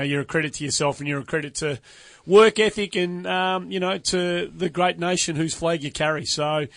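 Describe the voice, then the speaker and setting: A man's voice: fairly high pitch, fairly bright tone, no room sound. A man hosting a golf podcast, matey and full of compliments for his guest. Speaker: podcast host. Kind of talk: casual interview chat.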